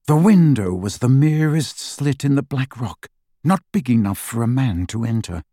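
A man narrating a fantasy audiobook in a dramatic, expressive reading. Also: mid-range voice, moderate pace, dry recording, clean studio sound.

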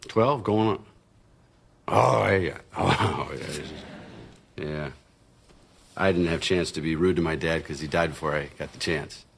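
An actor playing a boastful, goofy middle-aged TV tool-show host in a sitcom, jokey and showy. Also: male voice, extremely low pitch, a little slow, vocal fry, pauses often, husky, heavily acted. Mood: reflective. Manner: jokey, showy, then quiet and reflective. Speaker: TV home-improvement show host. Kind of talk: sitcom acting.

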